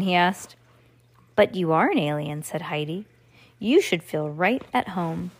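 A woman's voice: lowish voice, moderate pace. A woman reading a children's book aloud at home, casually stopping to comment and restart lines. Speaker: reader.

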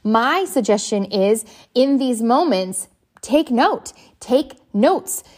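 A woman, likely a parent, giving an earnest, reflective motivational talk, often pausing to search for words. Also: on the high side, lively intonation, darkish tone. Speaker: parenting speaker.

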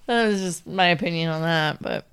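A woman's voice: on the low side, moderate pace, a bit bright, clear, resonant tone. A woman co-hosting a podcast in casual chat, wry and opinionated, poking fun at herself. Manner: wry and opinionated, self-mocking. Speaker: podcast co-host.

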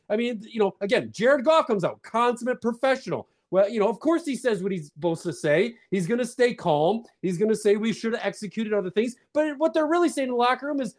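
A fired-up man co-hosting a casual sports fan podcast, ranting with his voice swinging from low grumbles to loud outbursts. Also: fast, few pauses. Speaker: podcast co-host.

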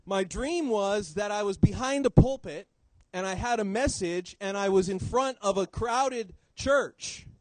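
A man preaching a sermon in church, swinging between loud emphasis and quiet low drops. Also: measured pace, dry recording, low-quality recording.

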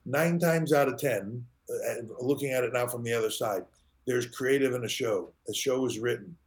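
A middle-aged man speaks as a podcast guest at an ordinary pitch. He tells his stories with energy and slips into other people's lines as he quotes them. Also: moderate pace. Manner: animated storyteller acting out quoted dialogue. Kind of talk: conversational storytelling in an interview.

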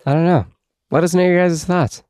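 A man's voice: high-pitched, fairly even intonation, brisk, a little mellow, no echo, studio quality. A man co-hosting a casual podcast as a parent, speaking in an earnest, reflective way.

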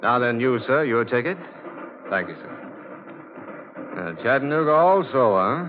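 A man's voice: medium pitch, expressive, measured pace, lightly acted. A man playing a suspicious train conductor. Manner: polite but probing. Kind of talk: 1940s radio acting. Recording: tinny noisy old radio recording.

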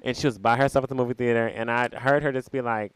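A man's voice: fast talker, a little hiss or hum. A man co-hosting a podcast, telling a story in casual chat and acting out the people in it. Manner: animated storyteller, acts out quotes in a high voice. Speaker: podcast co-host.

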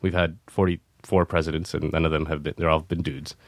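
A man's voice: very deep voice, little pitch movement, a little fast, no room sound. A young man in casual conversation, explaining politics earnestly with frequent hesitations and restarts. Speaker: podcast guest.

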